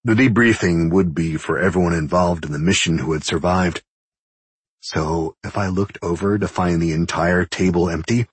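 A man's voice: low voice, slightly rough, no echo. A man narrating a first-person story in a wry, understated manner, close to the mic. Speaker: audiobook narrator.

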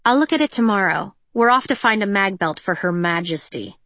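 A woman's voice: mid-range voice, animated, fairly quick, a bit bright, dry recording. A woman voicing a guarded, practical teenage girl mechanic with a wry, matter-of-fact manner.

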